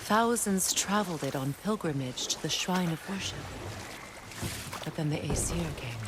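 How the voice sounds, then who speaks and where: A woman's voice: low voice, animated, moderate pace, heavy background noise. An actress playing a bitter, sarcastic goddess and grieving mother in a video game, talking in a dry, reflective way.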